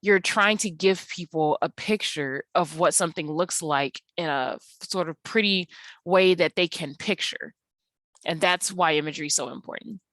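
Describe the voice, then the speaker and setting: A woman's voice: on the low side, normal speed, a bit bright, no echo. A woman teacher talking through lecture slides, explaining patiently with frequent ums and uhs. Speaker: English teacher.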